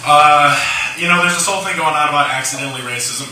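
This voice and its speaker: A man's voice: fairly high pitch, steady tone, fast, sharp tone, slight background noise. A tipsy young man doing a crude, rambling stand-up set in a lounge bar. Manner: crude, rambling, shock humor. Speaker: stand-up comedian. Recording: echoey room, mic from far off.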